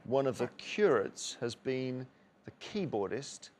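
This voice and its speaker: A man hosting a quiz show, reading out questions and multiple-choice answers in a measured way. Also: mid-range voice, big pitch swings, a little mellow. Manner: measured, reads questions clearly. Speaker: quiz host.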